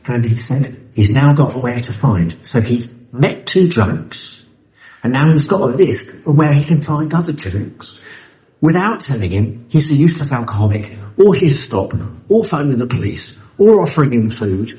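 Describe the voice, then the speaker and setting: Speaking in a mid-range, dark-toned voice at a moderate pace, this Londoner tells his own story expressively at a recovery meeting held in a convention hall. He jokes, curses and doesn't mince words, often mimicking others. The live audio is somewhat dull and lo-fi.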